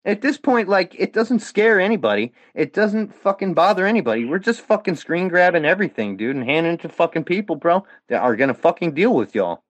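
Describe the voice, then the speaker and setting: A man's voice: a little high, big pitch swings, fairly quick, hardly any pauses, no room sound. A man on a heated, profane, defiant rant as a podcast guest. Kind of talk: angry rant.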